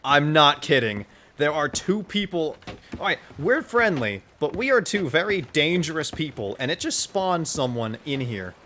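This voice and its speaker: A young man recounting a gaming mishap as casual commentary, animated and joking, with the odd swear. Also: fairly high pitch, moderate pace, slight background noise. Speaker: gamer telling a story.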